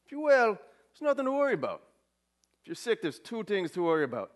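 A man putting on a singsong, high Irish joker. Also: wildly swooping pitch, fairly quick. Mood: jolly. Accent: put-on Irish. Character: joking Irishman telling a worry proverb.

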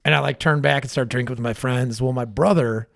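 A man's voice: mid-range voice, fairly even intonation, fairly quick, gravelly. A man in his thirties chatting casually as a podcast guest, loose and profane, full of fillers and restarts. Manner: laid-back, heavy swearing, lots of fillers. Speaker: brewery owner guest.

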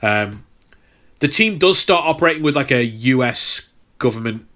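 A man with a medium-pitched, fairly bright voice and lively intonation co-hosts a podcast at a moderate pace, chatting casually and rambling with many fillers and repeated words.

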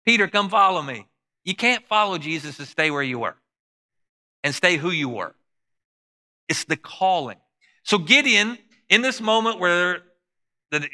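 Man, bright tense voice, slightly higher pitch, conversational sermon. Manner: conversational preaching, acts out voices of Bible figures. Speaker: pastor.

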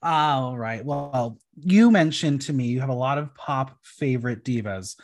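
A man's voice: mid-range voice, lively intonation, measured pace, darkish tone. A man hosting a podcast interview, reading out playful fill-in-the-blank prompts in an upbeat way. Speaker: podcast host.

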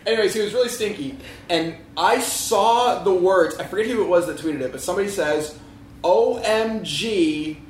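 A man co-hosting a casual chat, telling stories in an animated way and laughing often. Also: high voice, moderate pace. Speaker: podcast co-host. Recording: echoey room with faint background noise.

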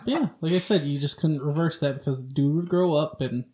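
A man's voice: fairly high pitch, a little fast, mellow. A man co-hosting a podcast who chimes in with short, dry, crude quips. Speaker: podcast co-host. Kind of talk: casual chat. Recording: echoey room.

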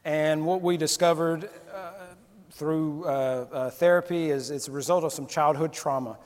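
A preacher giving a candid, conversational sermon and acting out little quotes. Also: male voice, a little high, normal speed, darkish tone. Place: church sanctuary. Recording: long reverb of a church hall.

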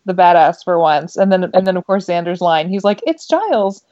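A woman in casual fan chat on a podcast, giggly and animated as she retells scenes. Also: lowish voice, fairly quick, dull audio.

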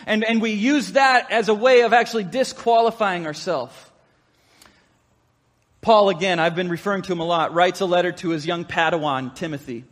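A man preaching a sermon to his congregation, telling a story in a lively, conversational way. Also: high voice, moderate pace. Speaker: pastor. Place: church sanctuary. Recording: long hall reverb.

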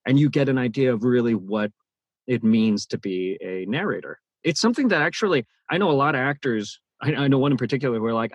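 A man's voice: medium pitch, fast, breathy edge, no echo. A man who narrates audiobooks, talking animatedly in an interview and often restarting his sentences. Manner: animated, many restarts and repeated words. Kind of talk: interview conversation.

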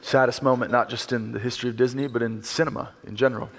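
Emphatic pastor preaching in an echoey church. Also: male voice, medium pitch, fairly even intonation, fast, creaky, noisy background. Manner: emphatic, joking, storytelling. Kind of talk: sermon.

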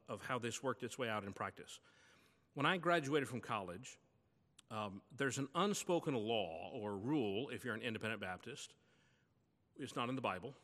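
A man's voice: medium pitch, fairly bright tone, big-room sound. A man preaching a sermon as pastor, telling personal stories in a conversational way.

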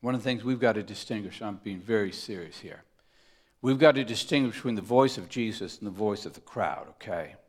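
A man preaching a sermon, swinging between loud emphatic punches and hushed, near-whispered asides. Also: lowish voice, brisk. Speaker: pastor.

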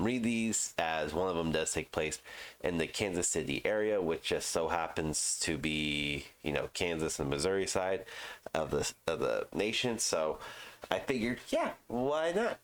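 A congested man, hosting a true crime show and reading a news article aloud, halting with fillers and restarts. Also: sits low, a bit bright. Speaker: true crime podcast host.

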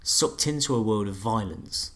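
Low voiced guy on a podcast, explains with lots of uhs. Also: very animated, moderate pace, fairly bright tone. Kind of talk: casual podcast chat.

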